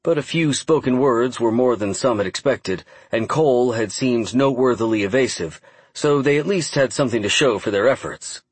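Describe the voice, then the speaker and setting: A man giving steady, measured audiobook narration. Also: medium pitch, husky, no room sound. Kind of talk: scripted narration.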